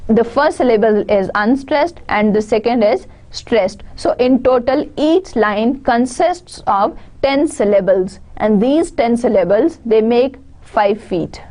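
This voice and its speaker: A woman's voice: fairly high pitch, slow pace, hardly any pauses, mellow. A woman with a Pakistani English accent giving an online lecture, explaining step by step and restating her points. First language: Urdu.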